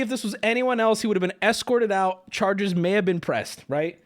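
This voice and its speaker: A man's voice: high voice, normal speed, hardly any pauses, fairly bright tone, a faint crowd. A man hosting a livestream, reacting to a video with profane, exasperated casual commentary; his throat is swollen.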